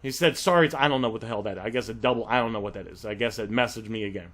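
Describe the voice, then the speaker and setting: An online reselling coach casually walks viewers through how he negotiates deals, speaking straight to them and acting out the text messages as he reads them aloud. His voice is lowish and a bit bright, and he races along.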